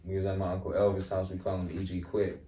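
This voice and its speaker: A man's voice: sits low, monotone, fast, dark tone. A young man from Milwaukee telling laid-back, slangy stories as a guest in a casual chat. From Milwaukee, Wisconsin. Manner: laid-back slangy storytelling, lots of "you know what I'm saying". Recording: roomy echo, distant mic, faint noise.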